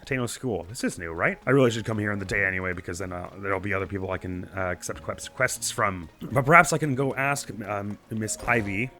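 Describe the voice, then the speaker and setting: A young man with a slightly croaky morning voice, chatting and laughing at himself while playing a video game. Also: fairly low pitch, quick pace, hardly any pauses, bright, forceful tone, faint music behind. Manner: chatty, giggly, self-deprecating. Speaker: let's play host. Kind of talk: casual game commentary.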